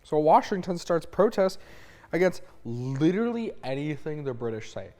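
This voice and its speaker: A man's voice: on the high side, sing-song, normal speed, dark tone. A young man retelling history in a loose, rambling, slangy way, dropping into goofy quoted voices for the people in the story. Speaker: student narrator. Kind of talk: drunk history parody storytelling.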